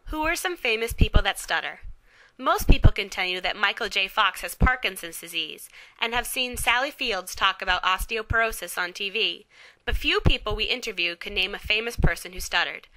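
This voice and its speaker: A woman reading a scripted informational narration in a clear, measured way. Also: mid-range voice, animated, bright, forceful tone, rough recording.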